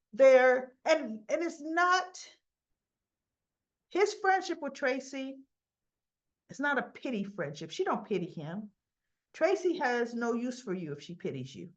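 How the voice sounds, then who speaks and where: Lively woman soap recapper, lo-fi audio, chatty and animated. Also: medium pitch. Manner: animated, laughs often, acts out characters' lines. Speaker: soap opera recap vlogger. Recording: dull lo-fi sound.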